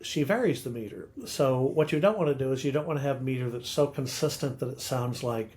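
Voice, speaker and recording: A man's voice: mid-range voice, a little fast, a little mellow. Teacherly older man explaining poetry. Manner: teacherly, recites verse rhythmically, asks rhetorical questions. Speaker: podcast co-host, literature scholar. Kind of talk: casual explanatory chat.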